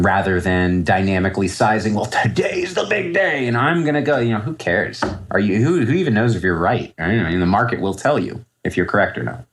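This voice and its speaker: Low-voiced man, rambling and reflective. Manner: reflective, rambling with many fillers and restarts. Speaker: trader guest. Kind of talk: podcast interview answers.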